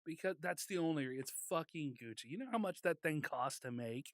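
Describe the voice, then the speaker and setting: A man's voice: on the high side, expressive, brisk, dry recording. A man co-hosting a casual podcast chat, joking and laughing often. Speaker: podcast co-host.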